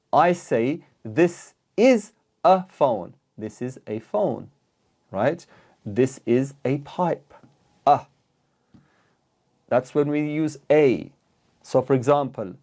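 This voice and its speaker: Male English teacher for a video lesson: slow, dark-toned, patient, repeats examples. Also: mid-range voice. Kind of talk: online grammar lesson.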